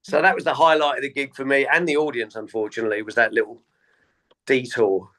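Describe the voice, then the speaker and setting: A man, a stand-up comedian, telling tour anecdotes in a relaxed interview and acting out the people he quotes. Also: mid-range voice, fairly quick. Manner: animated anecdotes, acts out quoted voices. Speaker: comedian guest. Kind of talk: casual interview storytelling.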